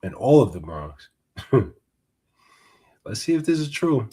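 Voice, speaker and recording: A man hosting a podcast, giving animated, mocking reaction commentary. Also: medium pitch, slow, very noisy. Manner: animated, mocking, swings between mutters and outbursts. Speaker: podcast host.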